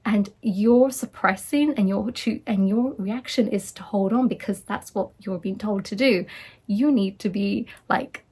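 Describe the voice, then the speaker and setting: A woman's voice: medium pitch, unhurried, mellow, husky. A woman life coach giving a casual, earnest motivational talk, reassuring and acting out quoted voices.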